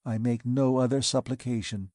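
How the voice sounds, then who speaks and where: A man reading an audiobook, voicing a composed, courteous woman who speaks in a calm, dignified and measured way. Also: mid-range voice, no echo, clean studio sound, natural voice. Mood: calm dignity.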